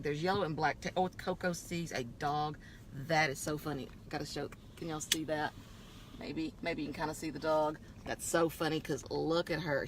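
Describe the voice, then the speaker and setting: A woman telling a dramatic personal story in a lively way while driving, laughing often and acting out the voices of other people. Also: deep voice, slight background noise. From Texas. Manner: animated, laughs often, acts out voices in quotes. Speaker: vlogger. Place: in a car.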